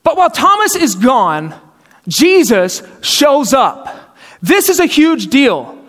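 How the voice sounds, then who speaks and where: In a very high, sing-song voice with a fairly bright tone, this pastor preaches slowly and conversationally. He voices the characters of his story and asks rhetorical questions, all heard through hall reverb.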